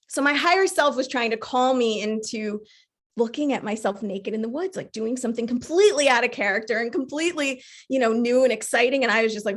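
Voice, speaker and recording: A woman in her forties telling a personal story to an audience, acting out her own inner voices with lively, animated delivery. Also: fairly high pitch, fast. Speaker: speaker sharing a personal story. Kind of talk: storytelling talk.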